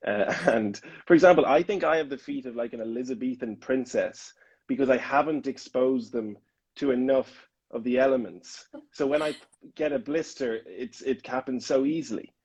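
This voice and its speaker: A man's voice: medium pitch, normal speed, darkish tone, husky, lo-fi sound. A man hosting a casual interview chat, rambling and playful with many restarts. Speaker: podcast host. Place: Amsterdam.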